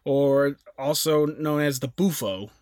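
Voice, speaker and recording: A man's voice: on the high side, takes it slowly, darkish tone, dry recording. Chatty man with a dry sound. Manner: chatty, jokey, with self-aware asides. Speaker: podcast co-host. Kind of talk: casual chat presenting researched facts.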